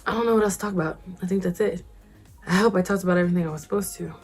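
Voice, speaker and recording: A woman's voice: fairly low pitch, rapid-fire, husky, soft background music. A woman vlogger, a new mother, chatting casually to the camera in a loose, slangy way.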